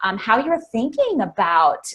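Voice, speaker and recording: Calm, explaining woman coach. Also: fairly high pitch. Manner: measured explainer with frequent fillers. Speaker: guest coach. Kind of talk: casual interview explanation.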